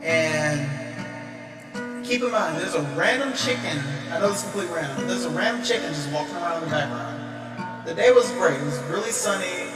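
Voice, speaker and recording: A young man livestreaming, telling a rambling, animated story and laughing often. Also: high voice, fairly quick. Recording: echoey room, distant mic, guitar music. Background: guitar music.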